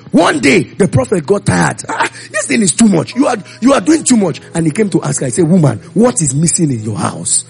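In a fairly high, creaky voice, a man delivers a sermon of lively Bible storytelling, taking on the voices of the people he describes.

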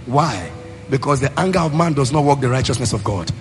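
A man with a Nigerian accent preaching a sermon as pastor, in a sing-song cadence that rises into shouted emphasis. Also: medium pitch, animated, fairly quick. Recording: long hall reverb, faint music.

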